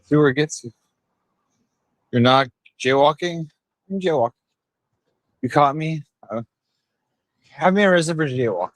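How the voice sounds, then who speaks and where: A man's voice: on the high side, expressive, a little slow, long pauses, dry recording. A tipsy man live streaming while walking outdoors, rambling and bantering rowdily with his chat on a handheld phone. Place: outdoors on town streets.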